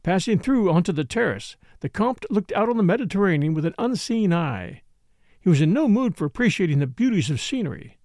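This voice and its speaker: A man reading a novel aloud as an audiobook narrator, with expressive storytelling. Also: sits high, a little fast, no echo, studio quality. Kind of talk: scripted narration.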